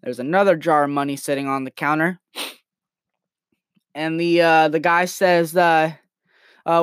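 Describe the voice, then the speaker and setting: A man's voice: on the high side, fairly even intonation, moderate pace, long pauses, a bit bright, clear, resonant tone, no room sound, studio quality. A nineteen-year-old man telling crude jokes and rambling on a casual comedy podcast from his bedroom. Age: late teens. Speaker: podcast host.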